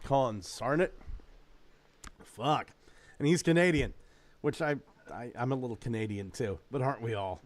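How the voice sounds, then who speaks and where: A man's voice: medium pitch, animated, moderate pace. A man hosting a podcast, talking loosely and joking, swearing freely. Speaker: podcast host. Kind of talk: casual chat.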